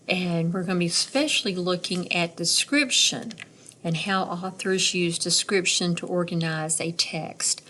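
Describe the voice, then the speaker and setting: A woman teacher reading a picture book aloud to young children, slow and expressive, pausing to imitate bird calls and ask questions. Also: lowish voice.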